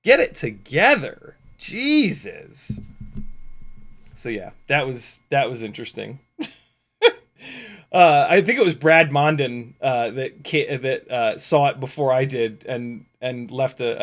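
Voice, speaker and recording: A man hosting a casual livestream, ranting sarcastically and profanely with frequent laughs and big swings in loudness. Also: medium pitch, a little slow. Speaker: YouTube host.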